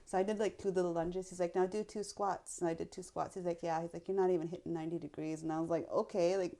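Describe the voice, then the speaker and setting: A woman guest on a podcast, casually retelling a story in a blunt, animated way with some swearing. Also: fairly low pitch, quick pace.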